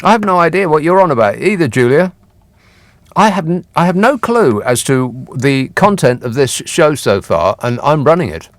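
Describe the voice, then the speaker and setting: A man's voice: fairly high pitch, lively intonation, moderate pace, dry recording. Dry, sarcastic radio host man. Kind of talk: late-night radio phone-in chat. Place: radio studio. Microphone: studio microphone.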